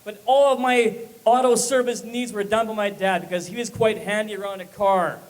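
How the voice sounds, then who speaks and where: A man in his forties from Saskatchewan, Canada, doing energetic live stand-up comedy on a club stage and working up the crowd. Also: high-pitched, normal speed, poor audio.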